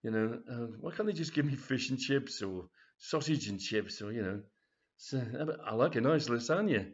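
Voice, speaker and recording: A man voicing Freddy, a polite young lad who mutters to himself in a low voice. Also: lively intonation, normal speed, close to an everyday voice. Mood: queasy, puzzled. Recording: dull lo-fi recording.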